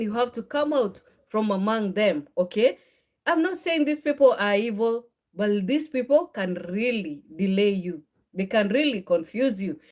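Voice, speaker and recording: A woman's voice: mid-range voice, a little mellow. Earnest woman teaching, "okay?" after phrases. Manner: ends phrases with a questioning "okay?"; earnest, conversational, with fillers and self-corrections. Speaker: faith and marriage channel host. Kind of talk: informal Bible teaching to camera.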